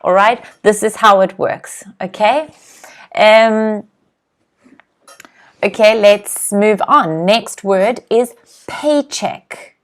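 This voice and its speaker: A woman teaching a live online English lesson, saying each word slowly and clearly and having viewers repeat it. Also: mid-range voice. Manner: slow, clear teacher's voice, drills words for repeating.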